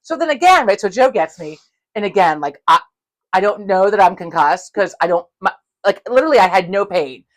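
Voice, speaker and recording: A woman's voice: medium pitch, brisk. A woman co-hosting a casual podcast, telling a story with lots of swearing and acting out both sides of conversations. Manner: profane, animated, acts out dialogue. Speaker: podcast co-host.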